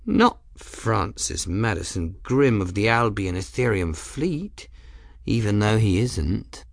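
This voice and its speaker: A man's voice: lowish voice, sing-song, takes it slowly, vocal fry, no room sound, clean studio sound, full character voice. A man voicing a playful, flirtatious female sky-pirate captain with a merry, mocking manner in an audiobook. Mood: teasing. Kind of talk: audiobook character voice.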